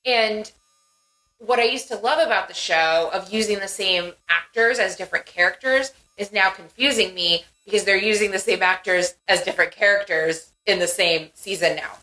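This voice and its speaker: A young woman co-hosting a casual podcast, her voice bright and forward. She chats in an animated way, trailing off and piling up fillers as she goes. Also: medium pitch, normal speed, soft background music, rough recording. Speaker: podcast co-host. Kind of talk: casual chat.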